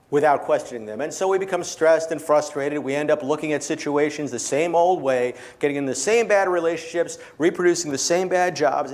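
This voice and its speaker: A man with a fairly high voice presents a magic-filled keynote to a small group, guiding the audience through participation as he playfully tells stories.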